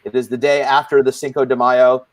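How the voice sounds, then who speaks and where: A man's voice: medium pitch, flat delivery, brisk, dry recording. A man hosting and moderating a live support group panel in a playful, rambling, jokey way.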